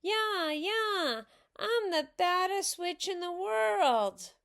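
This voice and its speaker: High shrill little girl, mischievous, yelling, read by a woman, storybook voice. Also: expressive, very slow, gravelly, heavily acted. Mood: teasing. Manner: shouting, gleeful. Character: loud mischievous little girl in a witch mask.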